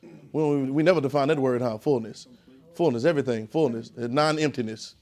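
Leading a Bible class a little fast, a man preaches in call-and-response fashion, emphatic and repeating himself. Often he lowers his voice to a quiet murmur.

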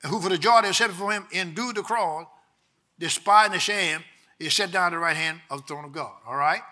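Male pastor, high bright voice, preaches call-and-response, drops low to teach and rises loud to exhort. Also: brisk. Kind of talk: sermon.

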